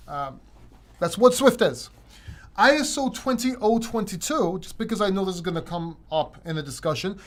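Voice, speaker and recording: A higher-pitched man hosts a casual livestream Q&A, rambling loosely from one point to the next. He often restarts his sentences and doubles back mid-thought. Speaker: crypto channel host.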